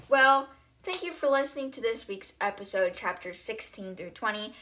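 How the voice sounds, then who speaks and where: A woman's voice: medium pitch, lively intonation, normal speed, pushed and bright, a little hiss or hum. A woman hosting a podcast, casually retelling a novel chapter by chapter with chatty, wry asides. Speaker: podcast host.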